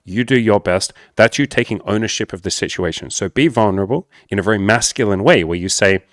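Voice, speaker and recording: A man's voice: lowish voice, fast talker, fairly bright tone, dry recording, studio quality. A man talking casually to camera as a dating coach, candid and blunt, swearing freely and calling his viewers "guys".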